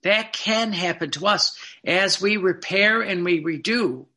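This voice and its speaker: A man's voice: high voice, a little slow, hardly any pauses, bright, forceful tone. A man giving a Catholic sermon, reading devotional passages aloud and explaining them in plain, earnest asides. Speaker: Catholic preacher.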